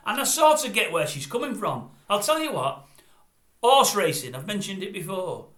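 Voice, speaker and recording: An older man rants bluntly into the camera in a high, bright voice, grumbling and rambling from one pet hate to the next. The room around him is roomy and echoey. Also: very animated, normal speed. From Britain. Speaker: vlogger. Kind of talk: opinionated monologue to camera. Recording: roomy echo.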